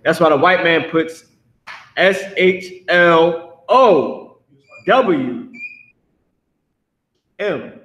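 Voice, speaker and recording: A man's voice: on the high side, expressive, very slow, pauses often, fairly bright tone, lo-fi sound. A man teaching a class, blunt and emphatic, swearing freely as he explains.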